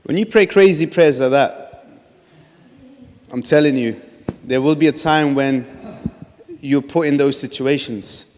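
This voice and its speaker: A man preaches his testimony, telling the story earnestly and restarting his phrases often. His voice sits at a middling pitch. Long reverb from a large hall hangs behind it. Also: unhurried, long pauses, darkish tone, slight background noise. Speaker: speaker sharing a testimony.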